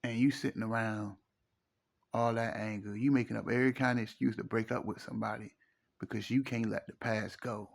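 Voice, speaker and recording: A man's voice: on the low side, steady tone, brisk, gravelly. A middle-aged man, giving preachy, emphatic relationship advice in a casual monologue and repeating his phrases. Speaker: relationship commentator.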